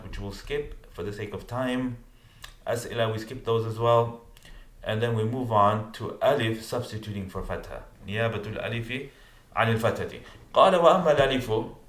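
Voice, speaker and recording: A man teaching Arabic grammar, reading lines of a classical text and then translating and explaining each one with casual asides. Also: medium pitch. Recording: roomy echo.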